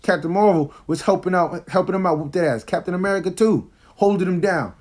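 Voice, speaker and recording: A man with a fairly high voice, talking fast and excitedly in a casual movie review. He retells scenes in loose, slangy speech.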